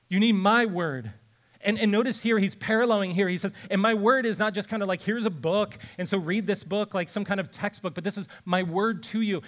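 Man preaching a lively sermon. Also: high voice. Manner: shifts between lively explanation and soft, hushed reading. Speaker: pastor.

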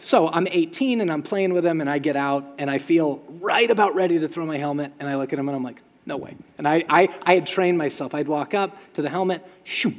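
A middle-aged man preaching a sermon, telling stories with lively shouted sound effects. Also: a little high, a little fast, few pauses. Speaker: pastor. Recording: long hall reverb.

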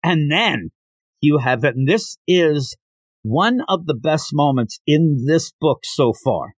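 A man hosting a casual podcast, chatting enthusiastically about a manga and laughing often. His voice sits fairly high and moves a lot, with a dry, close sound. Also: lively intonation, slow pace, no room sound. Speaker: podcast host.

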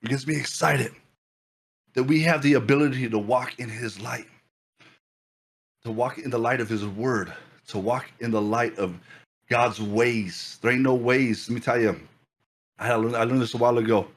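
A man preaching a fervent sermon as pastor, repeating phrases and building excitement. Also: mid-range voice, moderate pace, pauses often.

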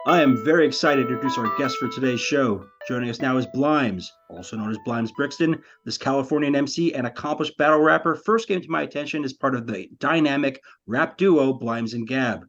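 A man's voice: medium pitch, brisk, few pauses, over music. A man co-hosting a podcast, chatting casually about a movie and retelling scenes with laughter. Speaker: podcast co-host.

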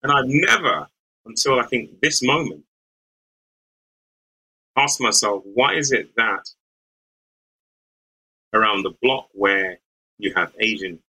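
A man's voice: on the low side, slow, long pauses, bright, forceful tone, husky, low-quality recording. A middle-aged man from the West Midlands, a lawyer, recalling his youth in a thoughtful, searching interview manner. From English West Midlands. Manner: thoughtful, searching, with frequent restarts and light laughs. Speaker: lawyer and podcast guest. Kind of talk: reflective interview storytelling.

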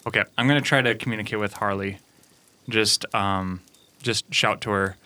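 A man's voice: lowish voice, steady tone, moderate pace, bright, forceful tone. A man playing a tabletop role-playing game, talking through his moves in a casual, thoughtful way. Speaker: player.

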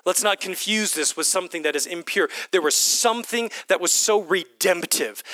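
A middle-aged man preaching with a high, bright voice. He drives his points home by repeating short phrases. The sound is close and dry, with no room echo. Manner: animated preaching, repeats lines for emphasis. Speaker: pastor. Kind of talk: sermon.

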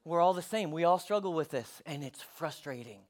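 Animated high-voiced male pastor. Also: normal speed, hardly any pauses. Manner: animated, acts out story voices, swings loud to hushed. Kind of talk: sermon with storybook reading.

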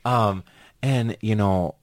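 A man's voice: fairly low pitch, slow pace, no room sound. A man hosting a podcast, talking in an earnest, chatty way. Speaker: podcast host. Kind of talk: casual chat.

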